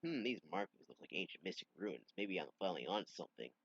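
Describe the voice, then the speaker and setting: A man voicing a gruff young male echidna adventurer in a low, laid-back mutter. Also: sing-song, fast, a bit bright, no echo, heavily acted. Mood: wry. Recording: dull dry home recording.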